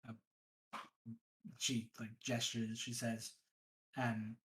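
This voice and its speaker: A woman's voice: extremely low pitch, slow pace, long pauses, low-quality recording. A woman narrating as game master in a tabletop game, hesitant and full of fillers.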